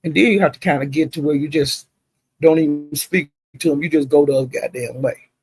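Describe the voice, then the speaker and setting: A man with a fairly high, fairly even voice recaps livestream drama for his chat, speaking briskly on a rough recording. He gossips casually in a drawling, chatty way and addresses viewers directly.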